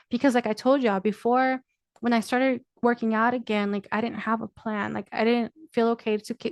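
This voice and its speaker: A woman's voice: fairly high pitch, smooth, no room sound. Candid young woman, dry close sound. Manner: casual, confiding, swears freely, fillers of 'like', addresses listeners as 'y'all'. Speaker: podcast host. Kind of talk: candid personal monologue.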